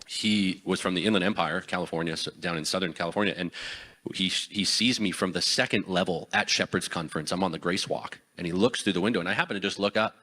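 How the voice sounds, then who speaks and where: Quick-talking man telling a lively anecdote. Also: low-pitched. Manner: animated, acts out dialogue in voices. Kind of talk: anecdotal storytelling.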